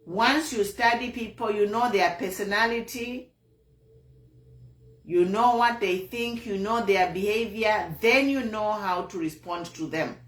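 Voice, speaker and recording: Zambian woman host talking politics slow and earnest, lots of repeating, sounds let down, echoey room. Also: medium pitch. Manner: earnest, repetitive, disappointed. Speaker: online show host. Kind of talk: political commentary monologue.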